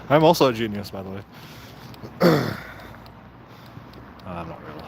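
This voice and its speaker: A man's voice: medium pitch, expressive, moderate pace, gravelly, long pauses. A man, rambling and joking as he walks outdoors for his vlog, a bit out of breath. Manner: joking, chatty, laughs often. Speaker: vlogger. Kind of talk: rambling casual walk-and-talk. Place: outdoors on city streets at night. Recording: noisy outdoor street recording.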